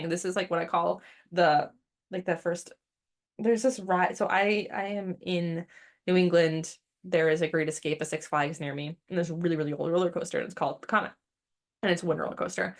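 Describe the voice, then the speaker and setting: A woman's voice: fairly low pitch, fairly quick. A woman hosting a spiritual podcast in a casual, blunt way, swearing freely and wandering into sidetracks. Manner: blunt and profane, animated; chatty, with fillers and sidetracks. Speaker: podcast host.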